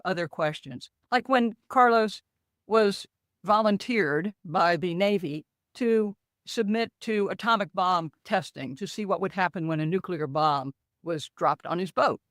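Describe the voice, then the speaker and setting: A woman's voice: on the low side, dry recording, clean studio sound. An older woman, a podcast guest who tells stories animatedly and acts out quoted dialogue. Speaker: co-author guest. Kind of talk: conversational podcast interview.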